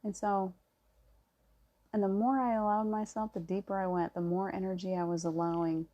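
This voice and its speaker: A middle-aged woman in a casual spiritual monologue, talking softly and reassuringly as she tells a personal story. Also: mid-range voice, flat delivery, normal speed, muffled recording. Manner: soft-spoken, reassuring, storytelling with gentle emphasis. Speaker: spiritual vlogger.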